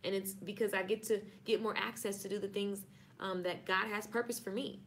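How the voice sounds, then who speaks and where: Talking a little fast with fairly even intonation, a Southern US woman playfully discusses marketing on a live stream in a medium-pitched, fairly bright voice. A little hiss or hum is audible, and she keeps signing off repeatedly in her chatty way.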